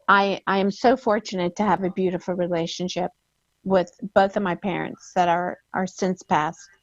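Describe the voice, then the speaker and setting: A woman guest telling a personal story, emotional and halting, often repeating her words. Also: mid-range voice, no echo. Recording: dull lo-fi sound.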